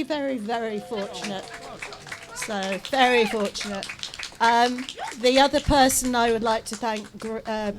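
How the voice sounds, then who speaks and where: A woman's voice: mid-range voice, a little hiss or hum. A woman, an event organiser, giving an emotional speech of thanks at a community event over a handheld microphone. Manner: warm, emotional thanks with fillers. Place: outdoor commemoration event.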